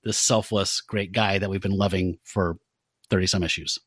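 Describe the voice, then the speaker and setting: A man's voice: sits low, fairly even intonation, normal speed, dry recording. A man co-hosting a podcast, recapping a comic book in an easygoing, playful way. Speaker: podcast co-host. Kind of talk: casual comic book discussion.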